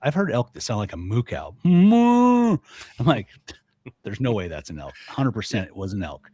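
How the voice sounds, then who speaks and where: An older man, a guest on a podcast, talking casually and lively, mimicking sounds as he explains. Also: lowish voice, fairly quick, husky, no echo. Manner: animated, mimics elk bugles and voices. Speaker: guest, elk calling expert.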